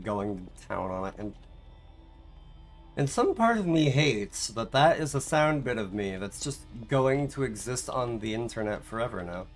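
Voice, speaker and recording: A young man streams a game and chats casually, his medium-pitched voice a bit bright. He rambles, mocks himself, and laughs often as he plays.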